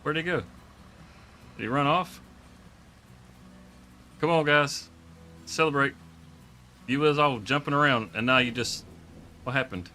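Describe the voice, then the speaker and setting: A man's voice: mid-range voice, measured pace, pauses often, pushed and bright, faint music behind. A man giving live gameplay commentary, joking, laughing often and talking to the game animals. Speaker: streamer.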